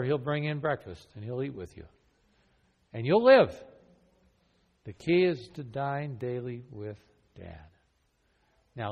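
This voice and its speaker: A man's voice: medium pitch, breathy edge. Earnest man teaching in an echoey hall. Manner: earnest, questioning, conversational. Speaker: evangelism trainer. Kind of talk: classroom teaching with role-play. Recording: long hall reverb.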